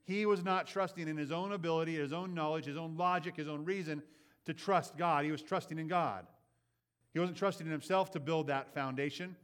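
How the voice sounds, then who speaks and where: A man preaching a sermon in an earnest way. He often checks in with the listeners with a quick "right?" and repeats words as he builds his points. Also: fairly high pitch, steady tone, fairly bright tone, smooth. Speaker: pastor.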